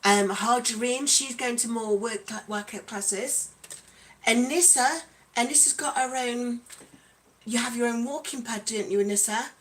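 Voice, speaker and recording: Bubbly higher-voiced woman chatting on a livestream. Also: unhurried, a bit bright. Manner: bubbly, chatty, calls out viewers by name; playful, breaks into song. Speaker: livestream host. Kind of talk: casual livestream chat.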